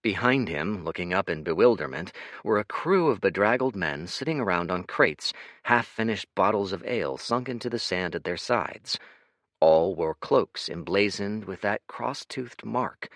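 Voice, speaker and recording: Give me a deep male narrator with a lively, animated delivery for an audiobook. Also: normal speed, no echo, studio quality.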